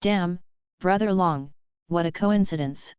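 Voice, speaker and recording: A man's voice: high-pitched, unhurried, darkish tone, clear, resonant tone, no room sound. A woman voicing a nervous, fawning young crook who grovels and swears, in a dull lo-fi audiobook recording. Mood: flustered.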